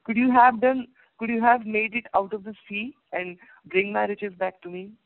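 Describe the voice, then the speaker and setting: A man doing a calm, unshaken rich shipowner. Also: high-pitched, normal speed, dry recording. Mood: reasoning. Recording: tinny phone-like line, dry.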